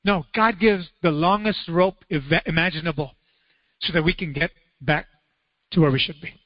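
Man, pastor, animated sermon, high-pitched voice, dry lo-fi audio. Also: normal speed, no room sound, big-room sound. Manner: animated storytelling, acts out voices with sudden high cries.

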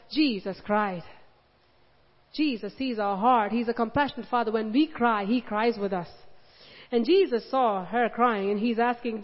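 A woman preaching a sermon with passion, acting out the pleading words of the people in her story. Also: a little high. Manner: impassioned, acts out Mary's pleading lines. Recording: dull sound with long hall reverb.

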